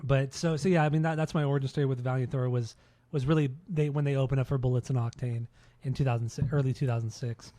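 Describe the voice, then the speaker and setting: A man's voice: medium pitch, steady tone, fast talker, mellow, no echo. A man in his thirties hosting a casual podcast, rambling and swearing with lots of restarts. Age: 30s. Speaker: podcast host.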